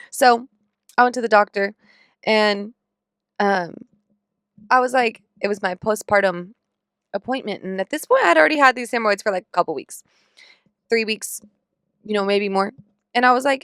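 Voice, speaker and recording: A woman's voice: medium pitch, moderate pace, long pauses, a bit bright, clear, resonant tone, dry recording, studio quality. A young woman hosting a podcast, telling a story in a candid, profane, comically exasperated way. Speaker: podcast host. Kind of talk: casual chat.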